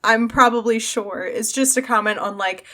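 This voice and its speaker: A woman's voice: a little high, moderate pace. A young woman hosting a podcast, chatting casually about a book she is reading, rambling with lots of fillers. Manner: rambling, animated, many fillers. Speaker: podcast host. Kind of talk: casual book-discussion chat.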